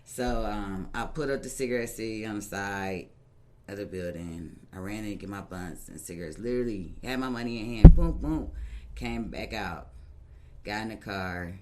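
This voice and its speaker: A woman guest on a podcast, telling her story in a casual, animated way, laughing often and using plain-spoken slang. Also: a bass voice, normal speed, background noise.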